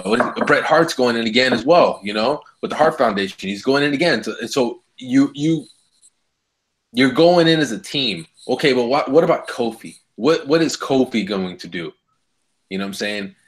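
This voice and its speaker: A man co-hosting a casual podcast, ranting heatedly with lots of swearing. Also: medium pitch. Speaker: podcast co-host. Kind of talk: casual wrestling chat.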